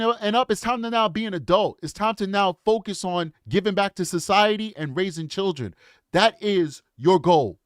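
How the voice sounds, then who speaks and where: A man's voice: sits high, dry recording, clean studio sound. A man in his forties giving casual, earnest commentary, lecturing and often repeating his points. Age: 40s. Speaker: true crime commentator.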